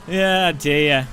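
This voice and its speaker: A man's voice: fairly high pitch, bright, forceful tone. A man chatting casually on a live stream, rambling and jokey, laughing often.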